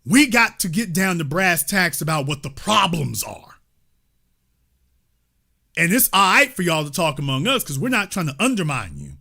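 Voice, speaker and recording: A male commentator with a high, lively voice that swings all over its range as he drives his points home. He talks emphatically, with mild cursing and an occasional shout, and his tone is bright and forceful. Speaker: host. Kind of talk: livestream political commentary.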